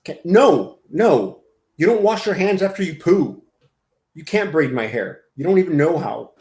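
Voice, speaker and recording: A man's voice: on the high side, very animated, normal speed, darkish tone, roomy sound. A man hosting a casual livestream, rambling and laughing as he reacts to chat comments. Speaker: livestream host.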